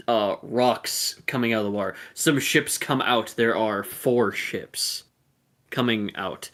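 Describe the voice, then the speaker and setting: A man's voice: medium pitch, fairly bright tone. A man narrating a tabletop game as game master, rambling and correcting himself as he goes. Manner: rambling, self-correcting with fillers.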